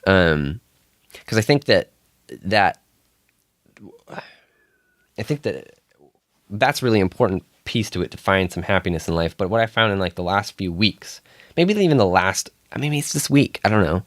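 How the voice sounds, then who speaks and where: A man's voice: deep voice, animated, normal speed, pauses often, dry recording, clean studio sound. A young man hosting a solo podcast, talking casually and rambling with frequent restarts and chuckles. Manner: rambling, self-interrupting, chuckles often. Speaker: podcast host.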